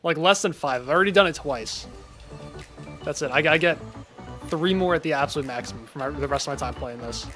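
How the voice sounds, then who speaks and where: A man's voice: a little high, fairly quick. A young man casually commenting on his game during a live stream, chatty and reacting to chat, often breaking off mid-sentence. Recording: faint music behind.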